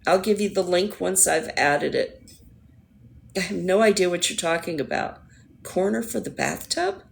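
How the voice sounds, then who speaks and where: A woman hosting a livestream, chatting casually with viewers in a rambling way, her voice hoarse and going. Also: lowish voice, moderate pace, slight background noise. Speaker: livestream host. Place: at home.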